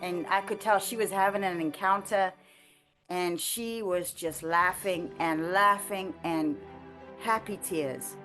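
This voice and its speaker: A woman sharing a personal prayer testimony in an earnest, halting way, with frequent restarts and light laughter. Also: on the low side, a bit bright, soft background music. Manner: halting, with many restarts and fillers. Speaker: ministry trainee sharing a testimony. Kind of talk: conversational testimony.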